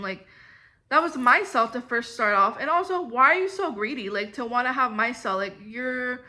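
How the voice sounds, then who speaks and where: A woman's voice: a little high, normal speed, sharp tone. A young woman telling a storytime vlog in a rambling, exasperated way, full of filler "like"s. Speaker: vlogger. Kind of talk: casual storytime monologue.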